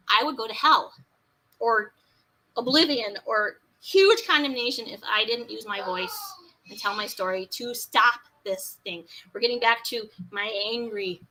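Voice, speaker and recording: A woman with a high, bright voice tells her own story as a guest, with fierce, raw feeling. She swings from low, quick asides to loud, cracking outbursts. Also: rough recording. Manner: impassioned, swings from quiet to shouting. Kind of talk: emotional personal testimony.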